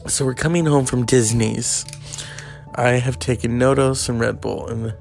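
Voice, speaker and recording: A host telling a gossipy personal story in casual chat, animated and quoting people. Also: mid-range voice, measured pace, creaky, faint music behind. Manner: animated, gossipy, acts out quotes.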